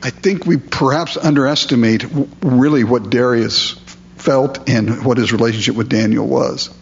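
A man preaching a sermon, reading scripture aloud and then explaining it in a relaxed, conversational way. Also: mid-range voice, normal speed, vocal fry, husky, muffled recording. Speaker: pastor.

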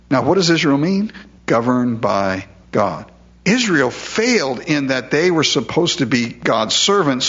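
A man's voice: medium pitch, a bit bright, dull audio. A man preaching a verse-by-verse sermon in a conversational way, often asking rhetorical questions. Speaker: pastor. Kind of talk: expository sermon.

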